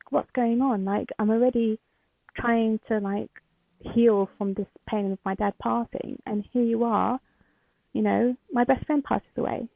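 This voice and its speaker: Emotional woman talking it out, gravelly voice, sounds like a phone line, kinda dry. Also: medium pitch, dry recording. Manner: emotional, halting, many fillers. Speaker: podcast guest. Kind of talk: candid interview.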